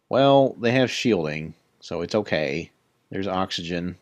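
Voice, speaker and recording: A man's voice: low voice, expressive, a little slow, no echo. A man casually touring his Minecraft build, rambling and self-deprecating, chatting to creatures in the game, his voice a little worn. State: voice a bit worn. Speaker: Minecraft builder giving a tour. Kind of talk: casual let's-play commentary.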